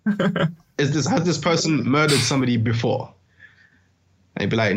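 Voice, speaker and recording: A man in casual chat, talking in a measured, musing way with some swearing. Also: a little high, animated, slightly rough.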